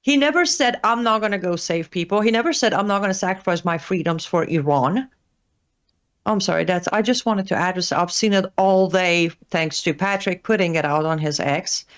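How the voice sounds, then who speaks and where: A woman's voice: fairly low pitch, normal speed. Hesitant woman commentator, lo-fi sound. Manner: hesitant, many fillers and restarts. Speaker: guest commentator. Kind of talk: talk show discussion. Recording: dull lo-fi audio.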